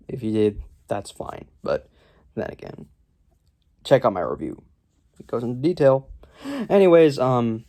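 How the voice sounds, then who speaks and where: A man's voice: medium pitch, dark tone. Rambling, sarcastic male film reviewer. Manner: rambling, sarcastic, many ums. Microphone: camera propped on his legs.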